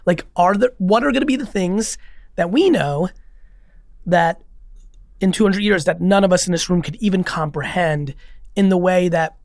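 A man as a podcast guest, telling a personal story in a casual, rambling, animated way with free swearing. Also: high-pitched, moderate pace, dry recording, studio quality.

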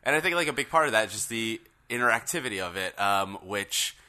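Bright-voiced man chatting on a podcast. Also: fairly low pitch, lively intonation, fast talker. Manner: rambling, laughs easily, many "like" fillers. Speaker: podcast co-host. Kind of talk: casual podcast chat.

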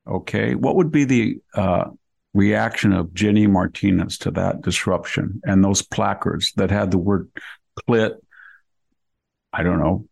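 A man's voice: deep voice, a little slow, creaky, darkish tone, breathy edge. An older man hosting a podcast, talking through long hypotheticals in conversational commentary. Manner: long hypotheticals, acts out quoted people. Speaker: podcast host.

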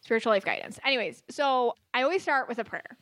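A woman co-hosting a podcast as a psychic, chatting casually and telling stories in an animated way with frequent laughter. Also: on the high side, fast talker, no room sound. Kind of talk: casual chat and storytelling.

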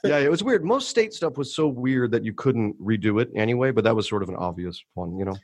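A middle-aged male comedian in a casual podcast chat, telling animated stories, laughing often and acting out quotes. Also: mid-range voice, brisk, dry recording. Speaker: comedian guest.

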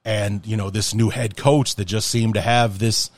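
A man's voice: lowish voice, steady tone, moderate pace, no echo. A man hosting a casual solo podcast, talking in an impassioned, rambling and profane way. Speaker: podcast host.

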